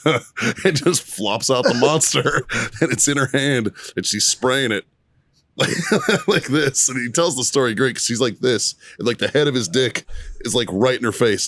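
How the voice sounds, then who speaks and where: A man's voice: mid-range voice, a bit bright, no echo. A young man, a podcast co-host, telling a rambling story in casual chat, swearing and laughing often.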